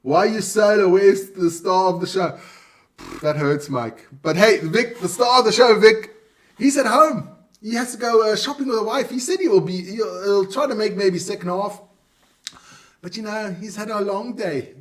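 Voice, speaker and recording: A man's voice: sits high, moderate pace, recorded from a distance. A man hosting a live stream alone, chatting casually and stumbling over hard player names.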